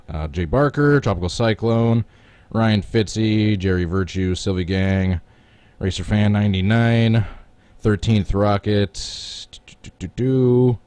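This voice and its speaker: Deep-voiced Midwestern American man streaming. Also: darkish tone, clean tone, no room sound. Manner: chatty, greets viewers by name. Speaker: gaming live streamer. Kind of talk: casual live-stream chat.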